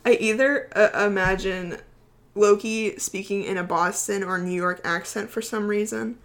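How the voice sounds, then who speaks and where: A woman's voice: mid-range voice, unhurried. Rambling, giggly young woman podcaster. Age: about 20. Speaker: podcast host. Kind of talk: casual chat.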